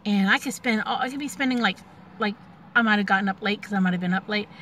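A woman's voice: medium pitch, quick pace, fairly bright tone, a little hiss or hum. A woman in her forties telling a personal family story in a candid, rambling way, with many fillers and restarts. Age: 40s. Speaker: vlogger.

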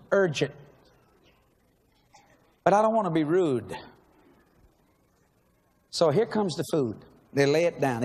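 A middle-aged man, telling a story in a sermon with animated energy, laughing and shouting at the peaks. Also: a little high. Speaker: preacher. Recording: long reverb in a large hall, faint noise.

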